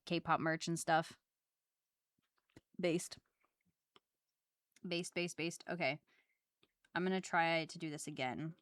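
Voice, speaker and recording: A woman streaming while drawing, chatting casually with viewers and reacting with loud squeals and laughs. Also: lowish voice, clear, resonant tone, no room sound, studio quality.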